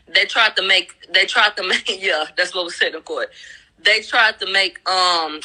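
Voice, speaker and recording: A woman's voice: medium pitch, unhurried, bright, forceful tone, low-quality recording. A woman casually recapping courtroom testimony, talking in a loose, profane way and acting out the quotes she relays. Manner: conversational, profane, acts out quoted lines. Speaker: commentator recapping a trial.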